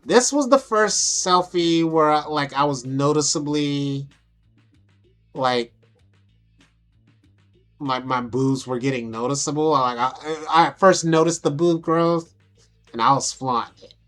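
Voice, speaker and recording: A woman's voice: low voice, a little slow, long pauses, a bit bright, faint music behind. A young adult woman vlogging casually, brash and profane, amused at herself as she talks through photos. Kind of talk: casual vlog talk over photos.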